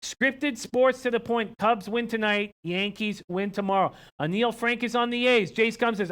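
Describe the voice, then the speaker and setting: A young Canadian with a very high-pitched, smooth voice hosts a live sports betting show at a moderate pace, barely pausing. He chats casually, reading odds and viewer comments aloud, and fills his speech with ums and uhs.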